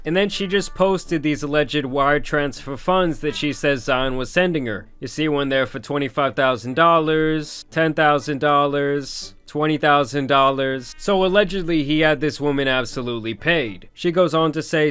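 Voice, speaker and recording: A man's voice: a little high, normal speed, hardly any pauses, fairly bright tone, clear, resonant tone. Mocking young man with a resonant voice. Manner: mocking, gossipy. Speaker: commentary YouTuber. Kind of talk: casual commentary.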